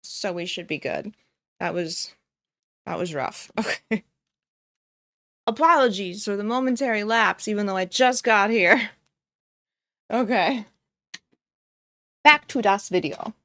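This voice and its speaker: A woman's voice: medium pitch, animated, unhurried, pauses often, bright, forceful tone. A young woman streamer giving casual reaction commentary, often breaking into giggles as she talks. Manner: giggly, keeps breaking into laughter.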